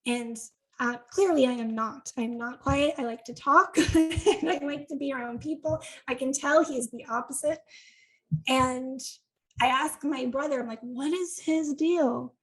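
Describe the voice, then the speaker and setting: A woman's voice: high voice, low-quality recording. A woman from Connecticut, a podcast guest, telling a story in a chatty way, often saying "like" and acting out what others said. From Connecticut, USA. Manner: chatty, animated, acts out quoted dialogue; frequent "like" and quick laughs. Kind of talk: casual storytelling in conversation.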